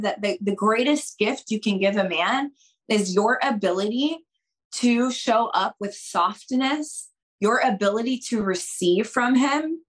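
A woman speaking as a podcast guest and dating coach. She talks straight to her listeners, stresses her points, and acts out conversations with big jumps in pitch. Her pace moves between quick bursts and slow, drawn-out emphasis. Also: poor audio.

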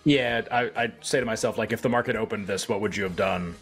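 Low-voiced man, measured betting talk. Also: vocal fry, a bit bright, faint music behind. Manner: measured, analytical, hedging with fillers. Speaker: sports betting podcast co-host. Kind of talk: casual chat.

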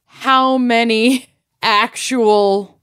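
A woman's voice: a little high, fairly even intonation, extremely slow, fairly bright tone, clear, resonant tone, dry recording, studio quality. A woman co-hosting a podcast in casual chat, playful and jokey. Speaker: podcast co-host.

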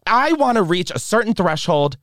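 A man's voice: high-pitched, normal speed, no echo, studio quality. A young man hosting a podcast, chatting and gossiping in a sassy, joking way and often cutting in. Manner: animated, sassy, interrupts and jokes. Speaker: podcast host. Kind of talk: casual gossip chat.

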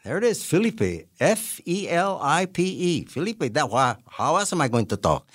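Lively man in his eighties telling stories. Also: a little high, normal speed, hardly any pauses, no room sound, clean studio sound. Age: 80s. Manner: animated storyteller who acts out voices and laughs often. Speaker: guest, character actor. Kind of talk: anecdotal interview storytelling.

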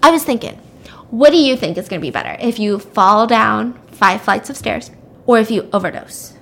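A cruel teenage boy, a psychopath who mocks and sneers at full volume, as a woman puts him on. His voice sits high and pushes hard. Every line comes out as a jeer. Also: lively intonation, moderate pace, creaky, exaggerated voice. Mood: menacing. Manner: taunting, loud, sneering.

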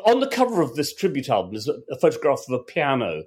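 A man hosts a casual music show with a slightly husky voice. He talks in a measured way and restarts phrases as he works through a thought. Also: mid-range voice, huge pitch swings, a little mellow. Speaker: podcast host.

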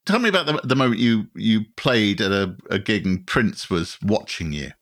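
A man's voice: on the low side, animated, normal speed, a bit bright. A man hosting a podcast, interviewing his guest in enthusiastic, conversational chat. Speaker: podcast host.

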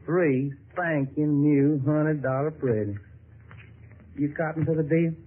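Speaking slowly in a voice on the high side, an actor voices Dixie, the smooth-talking Southern middleman of a 1950s radio play. He sounds folksy and wheedling, and the old broadcast comes through tinny and lo-fi.

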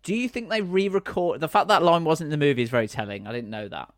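A man's voice: on the high side, fast talker, a bit bright, dry recording, studio quality. A man hosting a casual podcast chat, asking his co-hosts questions. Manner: inquisitive, asks the others questions.

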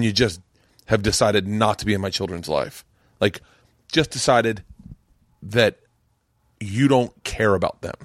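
A man's voice: lowish voice, normal speed, long pauses, no echo, studio quality. A man hosting a podcast, chatting casually and telling a profane story, acting out the people in it. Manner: profane, storytelling with quoted voices. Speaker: podcast host. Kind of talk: casual chat.

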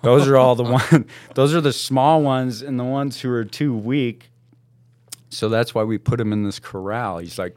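A man telling a story casually as a podcast guest, animated and laughing often, with slangy talk. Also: mid-range voice, normal speed, no room sound.

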